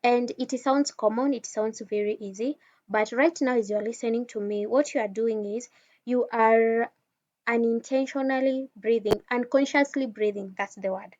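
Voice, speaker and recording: A woman with a fairly high voice teaches calming techniques in a relaxed, conversational talk. She speaks right to the listener and often restarts her sentences. The recording sounds a little dull and lo-fi. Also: normal speed. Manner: conversational, addresses listener directly, frequent restarts. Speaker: wellness speaker.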